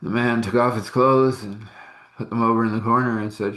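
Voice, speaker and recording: A man telling a personal story out loud in a halting, rambling way, with fillers and restarts. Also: mid-range voice, little pitch movement. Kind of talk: casual spoken storytelling.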